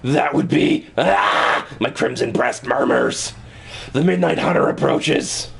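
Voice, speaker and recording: A man's voice: medium pitch, slow, gravelly. A man voicing a theatrical young male bird who speaks in cryptic, overblown pronouncements, with game music behind him. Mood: ominous. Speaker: game streamer voicing a character.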